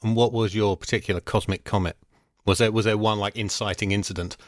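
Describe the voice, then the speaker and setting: A man hosting a casual podcast, wry and quick to laugh as he leads the chat. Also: fairly low pitch, steady tone, dry recording, clean studio sound. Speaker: podcast host.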